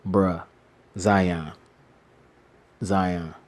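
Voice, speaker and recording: A man talking casually and in a rambling way, animated and slangy, laughing often and restarting his sentences. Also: deep voice, drawn-out words. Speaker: commentator. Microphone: phone screen-recorder app.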